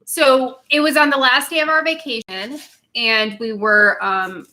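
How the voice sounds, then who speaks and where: A young woman co-hosts a casual home livestream in a bright, tense-edged voice that sits a little high. She gushes and tells her stories loosely, filling the gaps with plenty of "um"s. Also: fairly even intonation, measured pace. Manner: gushing, storytelling with fillers. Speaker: co-host, fiancée.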